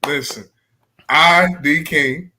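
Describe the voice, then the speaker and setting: A man's voice: on the high side, slow pace, sharp tone. A man co-hosting a casual sports chat, joking and rambling in loose banter. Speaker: podcast co-host.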